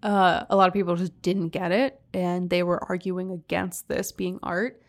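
A woman's voice: fairly low pitch, normal speed. Chatty young woman podcast host. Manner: chatty, laughs easily, reads passages in a steady storytelling tone. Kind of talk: casual chat, reading quotes aloud.

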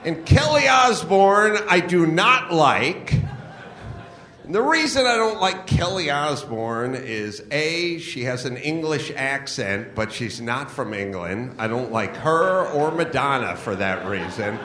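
Profane ranting comedy host. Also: male voice, a little high, big pitch swings, slow pace, sharp tone. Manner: profane, blunt, mocking rants. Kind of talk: ranting live comedy monologue. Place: live show venue. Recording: echoey live venue.

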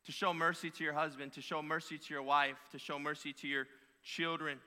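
A man's voice: fairly high pitch, level tone, a little fast, bright, forceful tone, clean tone. A male pastor preaching a sermon with emphatic, repeated phrases. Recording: long hall reverb.

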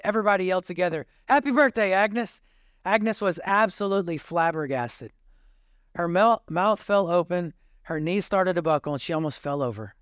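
A male pastor preaches, retelling a story and voicing each person in it. His voice sits a little high for a man. The sound is dry and close, with no room echo. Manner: retells a story with quoted dialogue. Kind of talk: sermon storytelling.

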